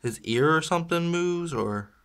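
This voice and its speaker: A man's voice: on the high side, lively intonation, normal speed, creaky, fairly bright tone. A man chatting casually as he opens toy packs for a video, rambling and joking at his own expense. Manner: rambling, chatty, self-deprecating with small laughs. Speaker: toy unboxing vlogger. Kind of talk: casual unboxing chat.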